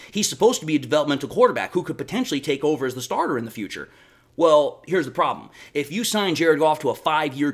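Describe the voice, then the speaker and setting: Emphatic man giving football opinions. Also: fairly high pitch. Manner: emphatic, blunt, argues point by point. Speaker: sports commentary host. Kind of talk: opinionated solo sports commentary.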